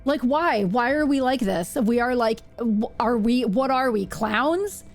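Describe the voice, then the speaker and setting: A woman's voice: on the high side, animated, measured pace, faint music behind. A woman live-streaming a game, chatting casually and playfully and laughing often.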